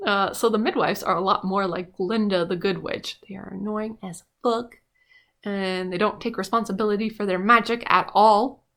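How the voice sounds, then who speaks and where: Bright-voiced woman rambling casually. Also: medium pitch, fairly even intonation, moderate pace. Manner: rambling, profane, many "like" fillers. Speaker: vlogger. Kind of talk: casual monologue to camera.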